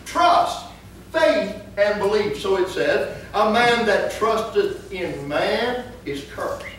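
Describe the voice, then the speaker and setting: A man pastor preaching a sermon, telling funny stories and then breaking into emphatic, shouted points. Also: high voice, very animated, slow, slight background noise. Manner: humorous storytelling that rises into emphatic preaching. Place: church sanctuary. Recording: echoey church from far off.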